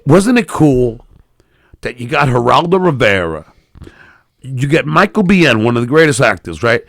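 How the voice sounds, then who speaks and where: A middle-aged man rants in a loud, sarcastic, profane way, his bright, forceful voice riding high and swooping widely. A gravelly fry runs under it, and the sound is close and dry. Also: very animated, moderate pace, no echo. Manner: loud, profane, sarcastic, swinging between shouting and mumbling. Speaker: interview guest, comedian. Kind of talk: profane political rant and casual chat.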